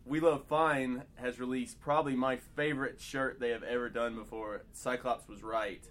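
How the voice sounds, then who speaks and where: A male podcast co-host running through a list of news items with plain enthusiasm. He speaks at an ordinary pitch. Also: steady tone, moderate pace, a bit bright.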